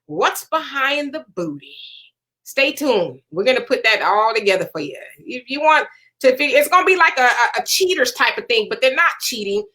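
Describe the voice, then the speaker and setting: Lady host chatting away, high voice, bright and forceful, reads out comments from viewers. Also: animated, a little fast. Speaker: show host. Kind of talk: casual panel chat.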